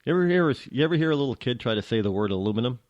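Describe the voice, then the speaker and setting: A man's voice: medium pitch, expressive, very fast, darkish tone, no room sound, muffled recording. A man from New hosting a radio show, talking in a rambling, joking way that keeps interrupting itself. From New England. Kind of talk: casual talk radio monologue.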